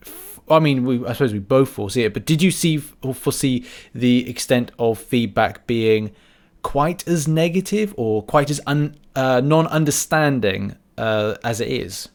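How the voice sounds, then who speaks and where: A man hosting a casual podcast, talking in a relaxed, hesitant way with many fillers. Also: mid-range voice, moderate pace. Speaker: podcast host.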